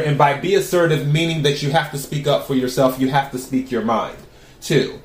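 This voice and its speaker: A man giving a tarot reading to his viewers. He talks in a calm, even way and asks the cards the same question again and again. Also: medium pitch, moderate pace, roomy sound, a little hiss or hum. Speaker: tarot reader.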